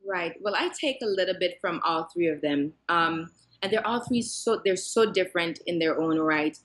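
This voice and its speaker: A young woman, a fashion designer, answering interview questions in a lively, talkative way with many fillers and restarts. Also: fairly low pitch, normal speed.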